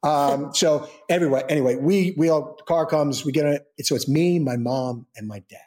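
A man with a fairly high, brisk, slightly mellow voice is a guest in an interview, casually telling a long personal story. He rambles, restarting often and acting out the dialogue he quotes.

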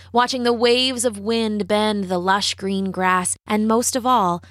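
Woman, storybook narration, expressive, measured, dry close mic. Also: mid-range voice, no room sound. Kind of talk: storybook reading.

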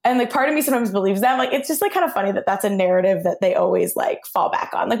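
A woman hosting a podcast in easygoing chat, her voice sitting at an ordinary middle pitch. She rambles, hedges and fills her sentences with "like" as she works through her thoughts. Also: fast talker, gravelly. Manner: rambling, hedging, heavy use of "like". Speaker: podcast host. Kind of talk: casual chat.

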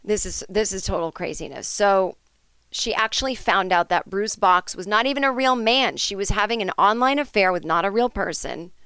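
A woman's voice: medium pitch, fairly bright tone, smooth, no room sound. A woman hosting a podcast, telling an improvised comic story in a rambling, chatty way with lots of fillers and asides. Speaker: podcast host.

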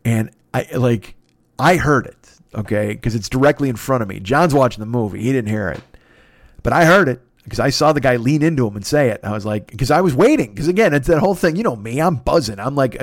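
A man in his fifties telling a rambling story in a casual, profane and excitable way. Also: medium pitch, brisk, dry recording. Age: 50s.

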